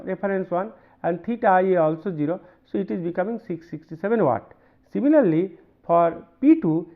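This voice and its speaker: A high-pitched man with an Indian English accent gives a university lecture, working through examples with many pauses, repeats and "right?" checks. The recording has a narrow, phone-like band.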